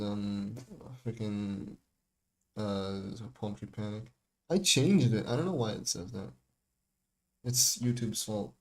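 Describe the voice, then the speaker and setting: With faint music playing behind him, a young man streams a loose breakdown of a remix he made, laughing, restarting and filling pauses often. His voice is on the low side and he takes it slowly.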